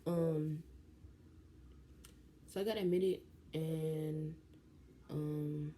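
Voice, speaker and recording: A young woman, telling a story in a casual vlog, animated and slangy. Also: low voice, extremely slow, slight background noise. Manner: animated, slangy, jumps into quoted voices. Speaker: vlogger.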